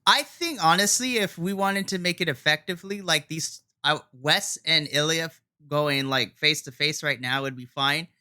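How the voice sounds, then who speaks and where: A man's voice: a little high, moderate pace, hardly any pauses, bright, forceful tone, smooth. A man co-hosting a podcast in casual chat, eager and pleading as he talks through what he wishes had happened. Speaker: podcast co-host. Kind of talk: casual wrestling recap chat.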